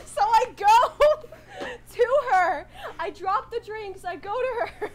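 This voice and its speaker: A young woman from Canada telling a crude, animated story on a casual podcast over a video call. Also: extremely high pitch, slow, background noise. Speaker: podcast co-host.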